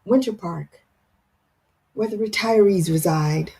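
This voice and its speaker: A woman's voice: medium pitch, takes it slowly, mellow, husky. A woman hosting a casual livestream, reading out viewer comments with a playful, teasing, dramatic manner. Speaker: live stream host reading viewer comments. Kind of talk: casual chat.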